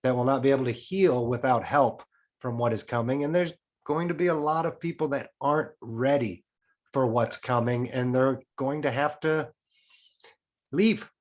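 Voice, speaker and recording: A man with an ordinary mid-range voice talks about spiritual ideas as a podcast guest. He speaks with earnest conviction and sets out each idea in a steady, deliberate way. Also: medium pitch. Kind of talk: spiritual talk.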